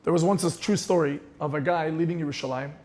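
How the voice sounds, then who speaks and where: A man's voice: a little high, steady tone, quick pace, a little mellow. A man giving an inspirational sermon as a rabbi, telling stories with passion and sprinkling in Hebrew terms.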